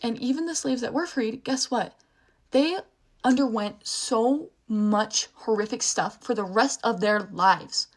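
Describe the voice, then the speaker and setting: A young woman posts an angry rant to camera, speaking unhurriedly in a slightly high voice. Swearing often and hitting her points hard, this social media creator keeps restarting and letting sentences trail away as she gets upset.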